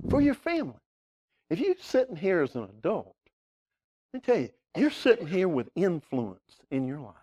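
A man preaching a sermon, emphatic, swinging from loud declarations to hushed appeals and often repeating words as he starts a phrase. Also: high-pitched, very animated, moderate pace, husky. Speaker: pastor.

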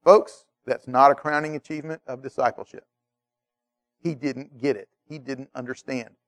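A man preaching a sermon in a lively, conversational way, often checking in with his listeners. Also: medium pitch, moderate pace. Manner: animated, conversational, checks in with "okay?".

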